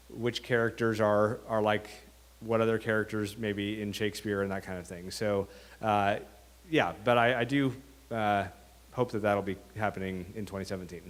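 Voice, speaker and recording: A man's voice: on the low side, a bit bright. A man, an author, speaking to a school audience in a chatty way with many fillers and restarts. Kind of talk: reading aloud then explaining to an audience. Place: school auditorium.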